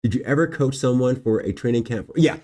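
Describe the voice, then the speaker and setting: Animated man telling a story on a livestream. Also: medium pitch, brisk. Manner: animated, acts out quoted dialogue, laughs often. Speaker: livestream host and fighter.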